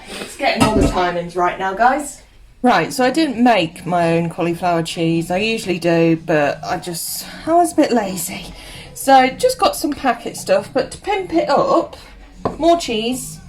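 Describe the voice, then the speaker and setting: A woman's voice: a little high, darkish tone, a little hiss or hum, low-quality recording. A British woman vlogging as she cooks a roast dinner in her home kitchen, chatty and giggly, explaining each step to her viewers. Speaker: cooking vlogger. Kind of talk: casual cooking walkthrough. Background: background music and pans.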